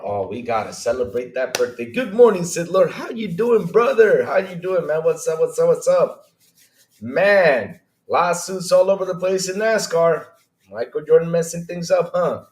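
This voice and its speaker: A man hosting a gaming podcast livestream, chatting casually, greeting viewers by name and teasing in a lively way. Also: fairly high pitch. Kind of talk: casual livestream chat reading viewer comments. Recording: roomy echo.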